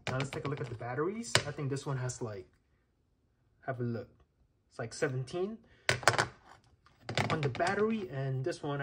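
There's background noise as a man of medium pitch tries out some tech on camera in a casual hands-on demo. Chatty and thinking aloud, he leads the viewer through each step with many fillers and checks.

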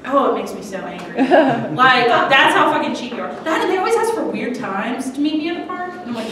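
The distant mic catches an echoey small restaurant where a young woman is doing stand-up, her high-pitched voice very animated at a normal speed. She's chatty, giggles a lot and swears freely while the crowd reacts around her.

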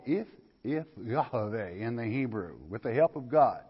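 Older pastor with a folksy teaching manner, a bit husky, lo-fi hall recording. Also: male voice, medium pitch, lively intonation, unhurried. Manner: folksy, questioning the listeners and reading scripture aloud. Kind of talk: verse-by-verse Bible lecture.

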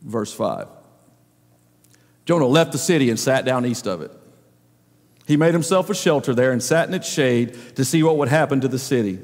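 A man's voice: mid-range voice, animated, normal speed, long pauses. A man preaching a sermon as the pastor, emphatic and full of rhetorical questions. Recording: long reverb of a large hall.

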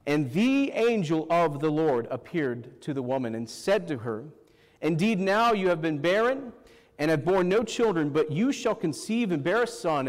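A pastor delivers a sermon in a fairly high voice, calling out questions to the congregation and tagging lines with "Amen". His words trail off into a long hall reverb.

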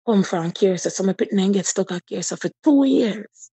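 A woman's voice: medium pitch, normal speed, creaky, warm tone, husky, dry recording. A woman in her thirties with a Jamaican accent, telling her personal story with feeling in patois. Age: 30s. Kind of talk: personal testimony.

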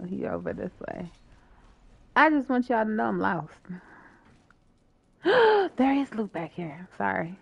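A woman's voice: mid-range voice, sing-song, slow, vocal fry, pauses often, lo-fi sound. A woman streaming a co-op video game, chatting playfully and swearing while she plays. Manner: playful, swears and laughs often. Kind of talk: casual gaming chat.

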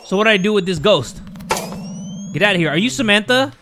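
A man giving jumpy, joking let's-play commentary on a horror game, often breaking into loud screams. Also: sits high, expressive, fast talker, background noise. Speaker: gaming YouTuber.

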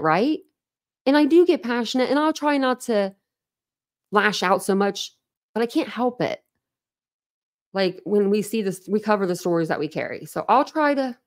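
A woman's voice: a little high, expressive, normal speed, pauses often. A woman hosting a casual livestream, rambling candidly to her chat, laughing often and poking fun at herself. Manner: laughs often, self-deprecating. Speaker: livestream host.

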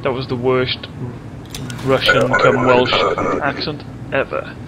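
A man's voice: mid-range voice, level tone, slow, very noisy. A man hosting a let's play, chatting casually and jokily while reading game text aloud as he plays. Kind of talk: casual gameplay commentary. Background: game music.

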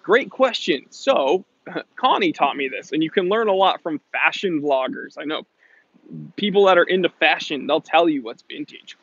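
A man's voice: on the high side, expressive, moderate pace, fairly bright tone, slightly rough. A man who runs a watch shop, hosting a live stream and chatting through viewer comments in a rambling, casual way. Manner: rambling, restarts and fillers, answers chat questions. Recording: dry, dull lo-fi stream audio.

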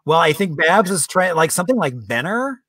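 A man's voice: on the high side, animated, brisk, bright, forceful tone, dry recording, studio quality. A man hosting a casual chat on a video call, dropping in brief remarks. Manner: brief interjections. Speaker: host.

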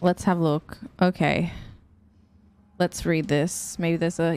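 A woman's voice: fairly low pitch, little pitch movement, slow pace, a little mellow, clear, resonant tone, dry recording. A woman hosting a gaming channel, giving casual, playful let's-play commentary full of jokey reactions.

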